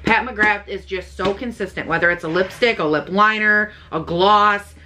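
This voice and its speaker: Bright-voiced gushing young woman vlogger. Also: mid-range voice, moderate pace. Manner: gushing, excitable, swears freely. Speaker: beauty vlogger. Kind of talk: casual unboxing chat.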